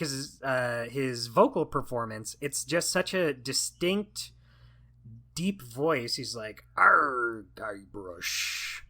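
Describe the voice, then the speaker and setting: Podcast guy, kinda high bright voice, gushing opinions, lots of "like". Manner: enthusiastic and opinionated, full of fillers like "like". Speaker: podcast co-host. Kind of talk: casual chat.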